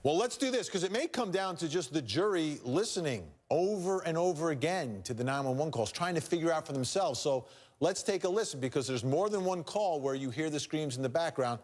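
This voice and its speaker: Brisk male TV show host. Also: fairly high pitch, animated, a little mellow. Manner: brisk, leading questions to guests and a mock jury. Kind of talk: hosting a TV legal show.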